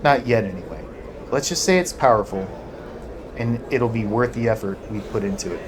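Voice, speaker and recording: A man's voice: lowish voice, expressive, moderate pace, close to an everyday voice. Man reading as a severe female engineer. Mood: guarded. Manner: curt, guarded. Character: severe, nervous female magical engineer, guarded. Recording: noisy home recording.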